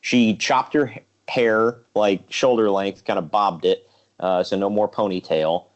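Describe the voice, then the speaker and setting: Low-voiced man ranting on a podcast. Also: steady tone, a little slow, lo-fi sound. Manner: ranting, jokey, quotes people in mocking voices. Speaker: podcast co-host. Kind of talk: casual wrestling podcast chat.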